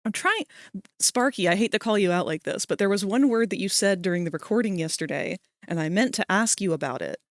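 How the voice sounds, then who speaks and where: A woman's voice: medium pitch, fast, hardly any pauses, no room sound, clean studio sound. A woman streamer chatting casually while she works live, telling rambling stories and talking to her viewers. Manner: chatty, rambling storyteller, talks to chat viewers.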